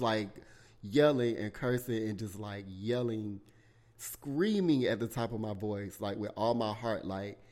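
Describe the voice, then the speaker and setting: Young man, lowish voice, loose profane storytelling, animated, podcast host. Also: a little slow. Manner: candid, profane, animated retelling with bursts of shouting. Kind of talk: casual storytelling monologue.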